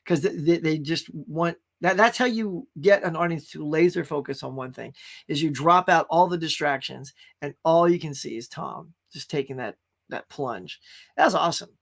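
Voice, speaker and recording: A man's voice: on the high side, normal speed, gravelly, fairly bright tone. A man hosting a casual pop culture live stream, rambling enthusiastically about movies and greeting viewers in the chat.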